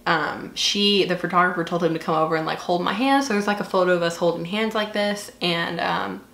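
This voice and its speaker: Southern woman in her twenties, makeup chat, gushy and filler-heavy, lowish voice, roomy echo. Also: fairly quick, gravelly, fairly bright tone. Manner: chatty, gushing, lots of "like" and "um". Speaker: beauty vlogger. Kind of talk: casual get-ready-with-me chat while doing makeup. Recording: echoey room.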